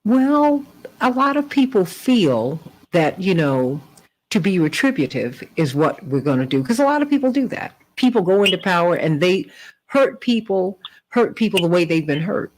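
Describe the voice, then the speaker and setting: A woman hosting a radio talk show, telling stories with lively, rising delivery. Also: moderate pace, poor audio. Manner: animated storytelling, rising pitch in quotes. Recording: radio broadcast.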